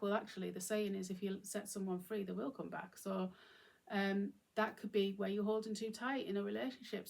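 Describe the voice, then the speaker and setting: A woman's voice: medium pitch, gravelly, darkish tone. A woman hosting her own channel, talking reflectively and informally to camera with plenty of fillers and restarts. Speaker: channel host. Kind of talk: reflective solo talk to camera.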